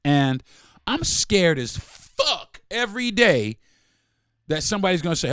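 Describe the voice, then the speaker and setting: A man's voice: high-pitched, sing-song, a little slow, fairly bright tone, dry recording, studio quality. A middle-aged man hosting a solo podcast, ranting angrily with heavy profanity and mocking quotes. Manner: profane, heated, repetitive, mock-quoting others. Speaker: podcast host. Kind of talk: angry solo podcast rant.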